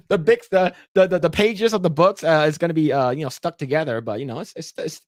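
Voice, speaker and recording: A podcast co-host with a fairly high, sing-song voice speaks at normal speed in a dry, clean studio recording. He's casually telling a rambling gaming story, full of fillers and frequent laughter.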